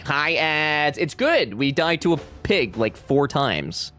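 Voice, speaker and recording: A man's voice: fairly high pitch, very animated, slow pace, pushed and bright, faint music behind. A young man casually commenting on a game he is playing, joking and swearing, and reading game lines in silly accents. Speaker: streamer.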